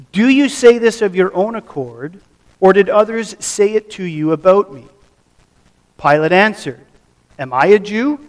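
A man preaching a sermon, reading scripture aloud and then explaining it with measured emphasis. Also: high-pitched, recorded from a distance. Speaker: pastor.

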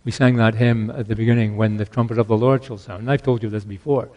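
An older man preaching a sermon, earnest, repeating key phrases and swinging between loud exhortation and hushed asides. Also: on the low side, fairly even intonation, quick pace, muffled recording.

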